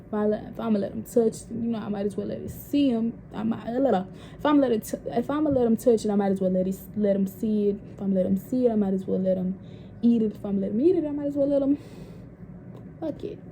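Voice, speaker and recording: A woman's voice: mid-range voice, fast talker, creaky, slight background noise. Candid young woman telling a story. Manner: candid, profane, animated storytelling. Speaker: vlogger. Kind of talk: casual storytime vlog.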